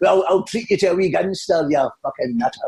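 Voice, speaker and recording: A Scottish man doing an impression of a brash, foul-mouthed comedian, with loud, rowdy banter. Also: sits high, a little fast, vocal fry, pitched above the performer's own voice. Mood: cheeky.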